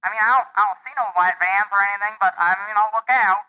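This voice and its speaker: A woman's voice: medium pitch, quick pace, pushed and bright, clean tone, lo-fi sound, lightly acted. A woman doing a doting, fussy mom with a put-on accent. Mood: fussing. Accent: put-on, called horrible by a player. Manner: fussy, calls her son baby. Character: doting middle-aged mom running a shop.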